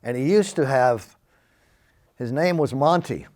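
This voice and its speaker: An older man from Texas, telling his conversion story. He speaks at a medium pitch and is lively, acting out the voices in his own story. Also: measured pace. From Texas, USA. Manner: animated, acts out quoted speech. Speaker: Christian testimony speaker. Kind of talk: personal testimony storytelling.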